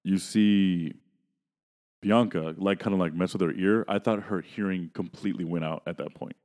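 A man's voice: low-pitched, steady tone, normal speed, a little mellow, in a large hall. A man co-hosting a casual movie podcast who rambles hesitantly, with many fillers. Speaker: podcast co-host. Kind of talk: casual movie review chat.

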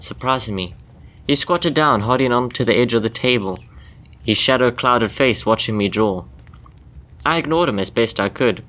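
A man calmly telling a first-person short story in scripted narration for a podcast. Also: medium pitch.

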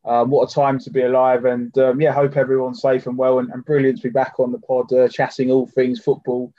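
A man's voice: medium pitch, completely flat delivery, brisk. Guy, chatty podcast co-host, dull lo-fi call sound, dry, no room echo. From United Kingdom. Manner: chatty, full of fillers and "do you know what I mean". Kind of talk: casual chat.

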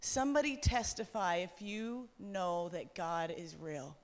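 A woman pastor with a Newfoundland accent preaches fervently at a women's conference, exhorting the audience in a large room. Her voice is lowish and measured, with background noise present.

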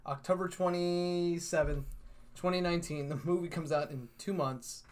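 A man's voice: fairly high pitch, fairly even intonation, moderate pace. A young man co-hosting a podcast, chatting casually with joking, teasing banter. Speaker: podcast co-host. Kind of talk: casual chat.

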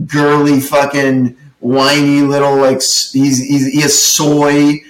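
A man's voice: a little high, completely flat delivery, slow, echoey room, rough recording. A man hosting a podcast, telling a profane story with lots of acted-out dialogue. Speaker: podcast co-host, comedy show producer. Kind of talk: casual storytelling rant.

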